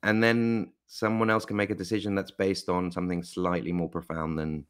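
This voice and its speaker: A man from Mexico, an actor guest on a podcast, talking in a relaxed and reflective way in casual conversation. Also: low voice, normal speed, smooth.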